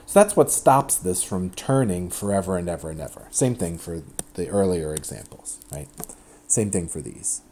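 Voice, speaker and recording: A lower-pitched man with a mellow, warm tone talks through a math lecture in a chatty, animated way. He often stops and restarts mid-sentence. A faint hiss sits under the recording. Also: moderate pace. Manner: chatty, self-interrupting, animated explanations.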